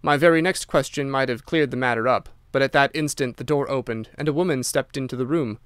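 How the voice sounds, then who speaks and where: A man narrating a classic detective story in a measured, storytelling style. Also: medium pitch, fairly bright tone, smooth, dry recording, clean studio sound. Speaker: audiobook narrator. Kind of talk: scripted audiobook narration.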